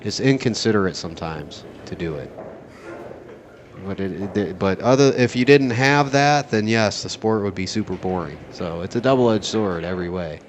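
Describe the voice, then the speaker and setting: Low-voiced rambling male pool commentator. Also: moderate pace, a little hiss or hum. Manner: rambling, joking, excitable asides. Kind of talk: casual play-by-play commentary. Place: at a pool tournament venue.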